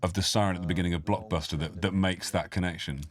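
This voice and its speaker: A man's voice: sits low, fairly even intonation, fast. A man chatting in a film commentary, with dry, teasing banter. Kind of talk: casual audio commentary chat. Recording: faint music behind.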